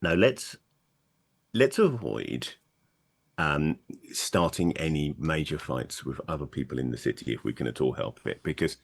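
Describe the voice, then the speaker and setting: Deep-voiced man playing a tabletop game. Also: animated, measured pace, creaky, husky. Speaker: player. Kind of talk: in-character tabletop role-play.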